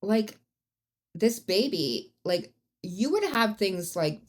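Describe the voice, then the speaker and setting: A woman's voice: medium pitch, big pitch swings, slow. A woman hosting a podcast, telling a true-crime story in a casual, blunt and profane way, with rising outbursts. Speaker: podcast host.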